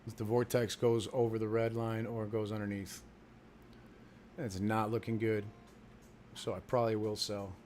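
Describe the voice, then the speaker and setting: A man's voice: lowish voice, flat delivery, moderate pace, long pauses, soft background music. A man hosting a casual stock market livestream, joking and swearing as he talks about his trades and his family. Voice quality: profane, joking, loud bursts of laughter. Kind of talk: casual trading livestream chat.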